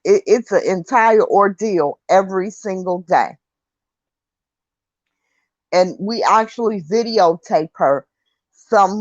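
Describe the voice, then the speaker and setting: A woman's voice: mid-range voice, no echo, highs cut off. An older woman hosting a casual online talk show, reading viewer comments and chatting with light laughter and mild swearing. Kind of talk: casual chat.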